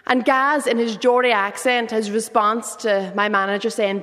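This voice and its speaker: A woman in her thirties with a Derry accent, delivering a lively stand-up comedy set. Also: medium pitch, moderate pace, few pauses, in a large hall. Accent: Northern Irish (Derry). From Northern Ireland. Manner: lively, punchy joke delivery. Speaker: comedian guest.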